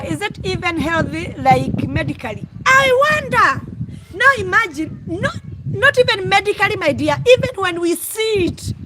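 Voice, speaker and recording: A Kenyan woman hosting a casual live stream, talking loudly and exclaiming as she answers her viewers. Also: very high-pitched, noisy background. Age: adult, mother of school-age children. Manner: loud, exclaiming, calls herself a screamer.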